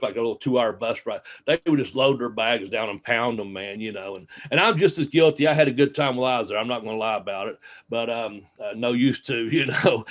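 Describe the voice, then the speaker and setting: A man, a former wrestler, telling rambling road stories in a casual interview, full of fillers and laughter. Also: medium pitch. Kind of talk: casual storytelling. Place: home, smart speaker nearby.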